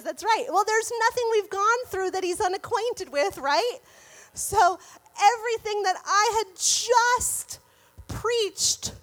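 A woman sharing a personal faith testimony in casual storytelling, animated and often laughing. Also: very high-pitched. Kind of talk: casual Christian storytelling to viewers.

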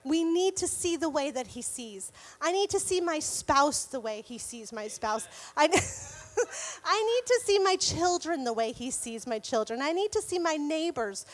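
A woman sharing a personal faith testimony in casual storytelling, animated and often laughing. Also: sits high, unhurried. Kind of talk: casual Christian storytelling to viewers.

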